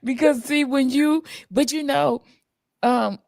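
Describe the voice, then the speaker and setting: A woman's voice: high-pitched, fairly even intonation, takes it slowly, creaky, a little mellow, no room sound, clean studio sound. A woman co-hosting a casual livestream chat, telling candid personal stories and laughing often. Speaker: co-host and producer.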